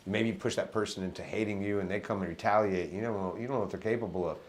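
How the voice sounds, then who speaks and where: A middle-aged musician in casual conversation, talking reflectively and telling animated stories. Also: male voice, fairly low pitch, racing. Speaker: musician guest.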